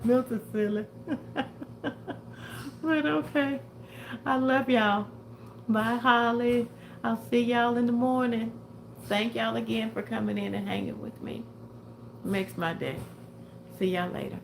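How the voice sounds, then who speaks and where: Slow-talking woman, a bit winded. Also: a little high, lively intonation, vocal fry, slight background noise. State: a little winded, tired. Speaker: livestream host. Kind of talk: casual livestream chat with viewers.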